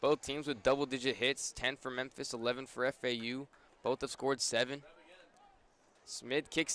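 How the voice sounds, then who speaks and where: A young man doing brisk radio play-by-play of a baseball game, his voice rising on big plays. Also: medium pitch, flat delivery, fairly bright tone. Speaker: play-by-play announcer.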